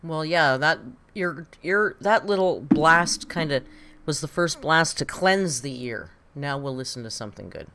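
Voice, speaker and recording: A woman's voice: sits low, lively intonation, a little slow, fairly bright tone, slight background noise. A woman hosting a casual live-stream reaction, chatty and exclamatory with some swearing. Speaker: livestream reaction host.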